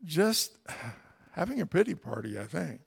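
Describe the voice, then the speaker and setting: A man's voice: mid-range voice, measured pace, vocal fry. A man teaching through a Bible passage in a conversational way, with wry, folksy asides.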